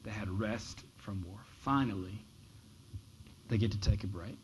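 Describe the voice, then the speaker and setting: Man preaching, loud to hushed swings. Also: lowish voice, unhurried, slight background noise, low-quality recording. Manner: preaching with dynamic swings from loud emphasis to hushed near-whispers; repeats words when starting phrases. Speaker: pastor. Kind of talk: sermon.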